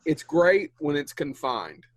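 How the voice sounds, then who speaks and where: A man's voice: fairly high pitch, big pitch swings, takes it slowly, dry recording. Wisecracking podcast man, dry sound. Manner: wisecracking, interjecting jokes. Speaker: podcast co-host. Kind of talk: casual chat.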